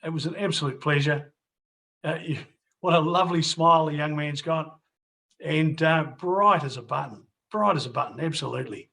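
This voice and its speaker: A middle-aged man hosts a casual chat and then talks straight to his viewers. His voice sits a little high for a man, and he rambles, restarting and doubling back on his words. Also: normal speed, creaky, pushed and bright. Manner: rambling, restarts and repeats phrases. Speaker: host. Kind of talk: casual video interview and wrap-up to viewers.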